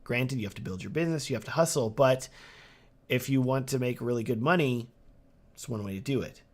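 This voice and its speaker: An upbeat Texan man, a wedding videographer, hosts a casual livestream Q&A answering viewer questions. He speaks briskly at a medium pitch, casual and upbeat, with many fillers like "um" and "like".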